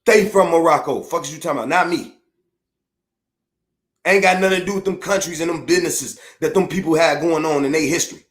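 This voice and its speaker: A man's voice: a little high, fairly quick. A middle-aged man from Chicago with a Chicago accent, ranting bluntly and profanely on his podcast. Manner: profane, blunt, heated, repetitive. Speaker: podcast host. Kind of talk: unfiltered rant. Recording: echoey room.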